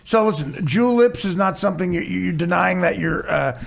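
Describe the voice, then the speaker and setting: Teasing gravelly man hosting a podcast. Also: high voice, lively intonation. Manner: teasing, quick to mock. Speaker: podcast host. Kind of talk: casual comedic chat.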